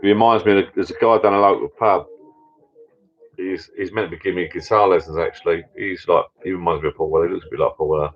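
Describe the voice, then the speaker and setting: Low-voiced man chatting casually. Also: fairly even intonation, fast. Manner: rambling, chatty, many restarts. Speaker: channel host. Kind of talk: casual live chat with viewers. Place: home bar room. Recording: dull lo-fi sound.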